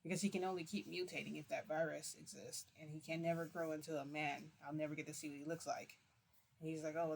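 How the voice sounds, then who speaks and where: A woman's voice: low voice, vocal fry, darkish tone, slightly rough. A woman telling a long personal story in a casual, rambling way, constantly switching into quotes with "I'm like" and "he's like.". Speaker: vlogger recounting a reality-shifting experience.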